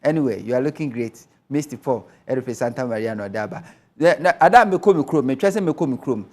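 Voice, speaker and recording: A Ghanaian man hosts a TV talk show and reads out viewer messages at a brisk clip. His voice sits in a middle pitch, and he drops Twi asides between the messages. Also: animated. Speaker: TV host. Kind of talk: reading viewer messages on air.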